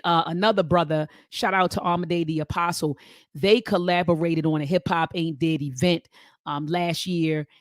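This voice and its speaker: A woman, hosting a casual talk show and telling a story, animated whenever she quotes others. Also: on the low side, dry recording, studio quality. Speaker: host.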